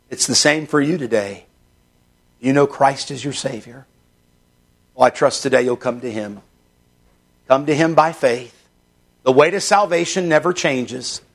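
A man preaching a sermon, reading Scripture slowly and building to emphatic, fervent passages. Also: medium pitch. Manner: emphatic, rising into fervent stretches; reads Scripture aloud in slow measured delivery.

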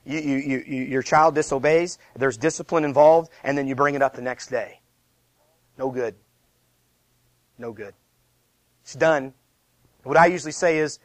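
A man's voice: medium pitch, moderate pace, pauses often, dry recording. A man in his thirties, a pastor giving a conversational, emphatic sermon full of repeated rhetorical questions. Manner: lively, conversational preaching with self-deprecating asides.

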